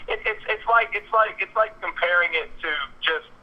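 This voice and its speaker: A man with a Southern US accent, hosting a talk radio show and telling a story in an animated way, repeating words and acting out what people said. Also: high-pitched, normal speed. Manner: animated, repeats words, acts out quotes in raised voice. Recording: dull lo-fi radio sound.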